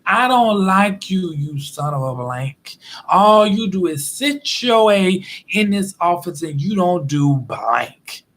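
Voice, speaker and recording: A man's voice: fairly high pitch, natural voice. A man doing a fed-up office worker chewing out his boss. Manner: slow, drawn-out, bleeped-style insults.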